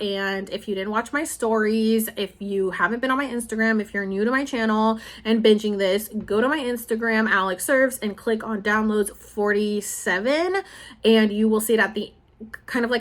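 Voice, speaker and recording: A woman's voice: mid-range voice, fairly bright tone. A woman in her thirties vlogging in a casual, confessional way, rambling emotionally and saying "like" often. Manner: rambling and emotional, heavy use of "like". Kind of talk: casual confessional vlog talk.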